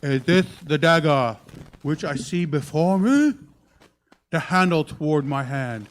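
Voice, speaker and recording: A loud Cajun alligator hunter drawls with his mouth wide open in a thick Louisiana accent, as a comedian puts him on. He declaims stiffly, as if reciting a dramatic speech. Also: a little high, expressive, a little slow. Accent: Louisiana Cajun (put on).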